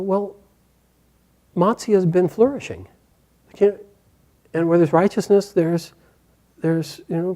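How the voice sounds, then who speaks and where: A man retelling an epic story aloud in a lively, animated way, with casual fillers. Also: a little high. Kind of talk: oral storytelling.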